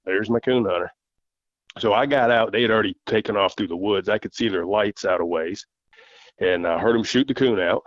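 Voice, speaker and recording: Man, podcast guest, low voice, folksy yarn-spinner who acts out the other voices, dull dry recording. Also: dry recording. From southern United States. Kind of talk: casual storytelling.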